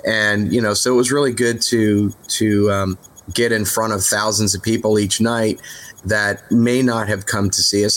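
A rock singer being interviewed, telling rambling road stories in a relaxed, candid way, full of fillers and restarts. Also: male voice, lowish voice. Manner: relaxed, candid, mildly profane. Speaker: rock singer, podcast guest. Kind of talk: casual interview storytelling.

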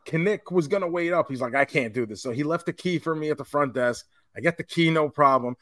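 A man's voice: fairly high pitch, fairly quick, fairly bright tone, no room sound, studio quality. A man co-hosting a podcast, telling a convention story in casual chat and swearing now and then. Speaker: podcast co-host.

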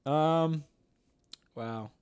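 A man's voice: a little high, very slow, darkish tone, clean tone, no room sound. A young man co-hosting a casual podcast at home, rambling with lots of fillers and swearing. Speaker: podcast co-host. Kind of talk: casual chat.

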